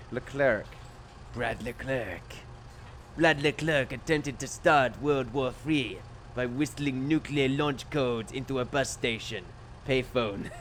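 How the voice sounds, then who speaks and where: A young man with an English accent talks through a video game as he plays. His voice sits at an ordinary middle pitch, and he rambles from thought to thought, cracking small jokes and chuckling to himself. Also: a little hiss or hum. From England. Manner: rambling, jokey, chuckles often. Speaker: let's play host.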